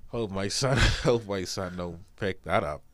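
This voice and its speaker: A man's voice: low-pitched, unhurried, a bit bright, dry recording. A man co-hosting a casual podcast, joking and laughing often as he tells stories and fires off questions. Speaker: podcast co-host. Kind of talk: casual chat.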